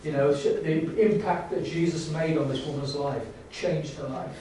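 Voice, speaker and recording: A man preaching a sermon in a church, halting with many restarts and rising to fervent emphasis. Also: fairly high pitch, steady tone, dark tone, slight background noise. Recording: echoey church hall, distant mic.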